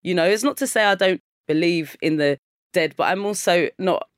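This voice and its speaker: Relaxed chatty woman co-host. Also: lowish voice, moderate pace, dry recording, studio quality. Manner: relaxed, chatty, asks "do you know what I mean". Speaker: co-host, comedian. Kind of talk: casual chat.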